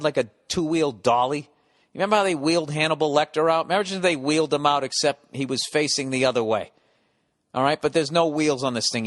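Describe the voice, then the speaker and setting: A man's voice: fairly high pitch, a bit bright, dry recording, studio quality. A man telling a rambling, profane story as a comedy podcast host, acting out bits as he goes. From United States. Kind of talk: casual comedic monologue.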